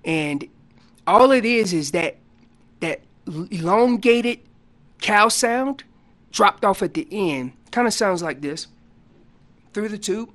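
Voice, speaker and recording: A man's voice: high voice, slow. Folksy man explaining elk calls. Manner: folksy, animated, acts out what elk are saying. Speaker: elk calling guest expert. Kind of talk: casual radio interview explanation. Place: radio studio.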